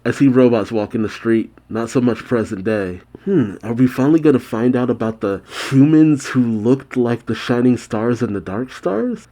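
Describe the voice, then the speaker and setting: A young man reading a manga chapter aloud as a reaction host, keeping the dialogue plain and breaking off for quick surprised asides. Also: medium pitch, mellow.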